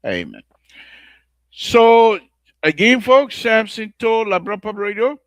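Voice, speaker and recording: A man's voice: high-pitched, measured pace, no echo. Liberian guy hosting his own online radio show, rambly, says stuff twice, dry close sound. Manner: rambling, repeats phrases, prays aloud then rants about politics. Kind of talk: casual talk show monologue with prayer.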